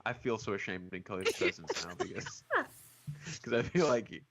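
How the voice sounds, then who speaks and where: A man leading a casual movie podcast discussion, relaxed and self-deprecating, with hesitant fillers. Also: fairly low pitch, moderate pace, heavy background noise. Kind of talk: casual chat about movies.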